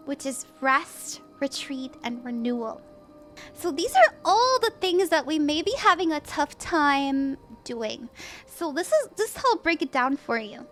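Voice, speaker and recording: A young woman reading tarot on a live stream, gentle and reassuring, laughing easily. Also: high-pitched. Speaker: tarot reader.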